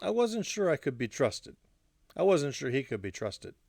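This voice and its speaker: A man's voice: fairly high pitch, very animated, normal speed, vocal fry, a little mellow, no room sound, studio quality, pitched above the performer's own voice, exaggerated voice. A man voicing a frightened young Russian woman with a Russian accent, speaking in a pleading, breathless way. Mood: fretful.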